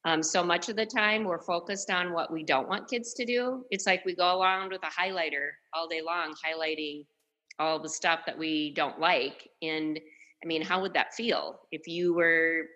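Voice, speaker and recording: A woman guest on a podcast who works in education, calmly explaining her ideas. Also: lowish voice, normal speed, lo-fi sound. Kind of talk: casual conversational interview.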